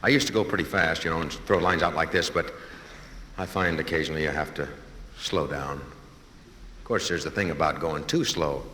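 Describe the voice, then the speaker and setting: A man's voice: a bass voice, moderate pace. A man doing rambling, improvised stand-up comedy, drifting playfully between topics. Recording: old live recording, echoey hall, loud hiss.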